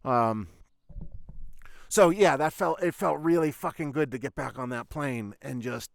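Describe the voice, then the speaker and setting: A man's voice: medium pitch, a little slow, vocal fry, no echo. A man hosting his own podcast, telling a long personal story in a loose, rambling way, full of swearing and "I was like" retellings. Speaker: podcast host. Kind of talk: casual storytelling monologue.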